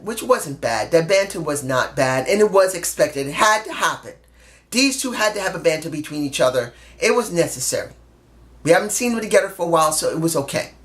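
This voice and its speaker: A man talks straight to camera in a solo review, heated and blunt. He swears freely and keeps repeating his points to drive them home. His opinions come out loud and unfiltered. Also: sits high. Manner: blunt, profane, heated, repeats himself for emphasis. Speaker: wrestling show reviewer.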